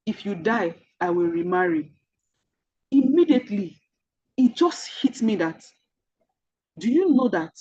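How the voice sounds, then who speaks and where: This woman speaks with a Nigerian accent in a fairly high, darkish voice with a breathy edge, and the audio sounds dull. She mentors an online group, earnestly sharing personal stories and repeating key points so they sink in, addressing listeners directly.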